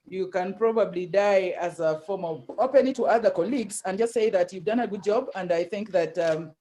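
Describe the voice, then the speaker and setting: Debate judge, middle pitch, halting delivery with fillers, on a video call. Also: warm tone. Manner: halting, with many pauses and fillers.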